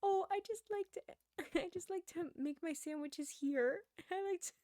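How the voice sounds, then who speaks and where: A woman putting on the voice of a sweet, chatty elderly female coworker, in a high, airy, giggly delivery. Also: moderate pace, mellow, dry recording, clean studio sound. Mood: cheerful.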